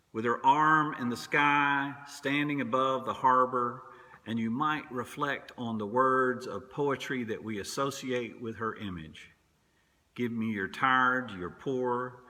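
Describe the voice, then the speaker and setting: A man preaching a sermon as pastor, slow and deliberate, sometimes dropping to a whisper. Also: mid-range voice, sharp tone, big-room sound. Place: church sanctuary.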